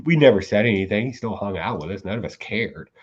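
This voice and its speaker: A man's voice: on the low side, quick pace, husky. Laughing man telling stories, lo-fi. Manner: animated storyteller, acts out quotes, laughs often. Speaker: podcast co-host. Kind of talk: casual chat.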